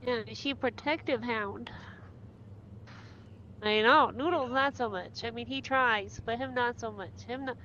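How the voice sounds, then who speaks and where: A woman's voice: a little high, unhurried, bright, forceful tone, dull audio, a little hiss or hum. A woman streaming a game in casual chat, teasing and swearing a lot.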